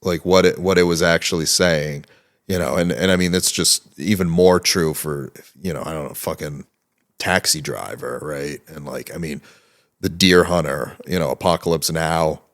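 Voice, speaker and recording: A young man with a very deep, low voice, speaking as a guest in a relaxed interview. He tells his story with lively energy and swears freely along the way. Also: normal speed. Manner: animated storytelling, heavy swearing. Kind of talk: casual interview talk.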